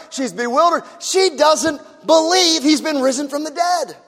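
A man's voice: very high-pitched, expressive, measured pace, hardly any pauses, fairly bright tone. A man preaching a sermon with emphatic repetition and rhetorical questions to the congregation. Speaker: pastor. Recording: echoey hall with long reverb.

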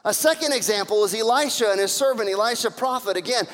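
A man preaching a sermon, telling scripture stories in an animated way and acting out the voices of the people in them. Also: high voice, fast talker, in a large hall. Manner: animated storytelling with acted-out voices. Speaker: pastor.

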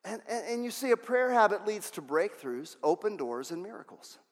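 Guy preaching a sermon, goes loud then real hushed, echoey church sound. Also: high voice, moderate pace. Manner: animated, acts out voices, swings from loud to hushed. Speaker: pastor. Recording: long hall reverb.

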